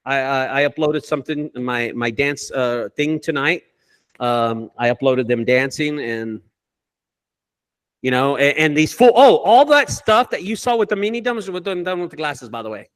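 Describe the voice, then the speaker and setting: A man with a somewhat high-pitched voice tells rambling stories to a group, swearing constantly. His delivery is animated and casual, like a business owner chatting with peers. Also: normal speed, smooth. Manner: profane, animated storyteller. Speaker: junk removal business owner. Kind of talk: casual group call storytelling.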